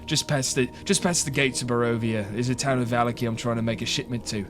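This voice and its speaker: A man voicing a gruff, weary older male merchant in a tabletop game, talking in a grumbling way. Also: medium pitch, steady tone, quick pace, over music, lightly acted.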